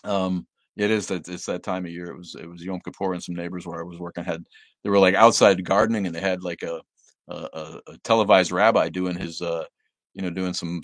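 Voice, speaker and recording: On a laid-back livestream, a low-voiced man reads out comments from viewers and fires back blunt, sarcastic answers, often using fillers and laughing. The recording is studio quality and free of room sound.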